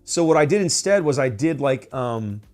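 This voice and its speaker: A man's voice: medium pitch, lively intonation, normal speed, a little mellow, soft background music. A man chatting casually on a stream as he paints miniatures, rambling with many fillers and restarts.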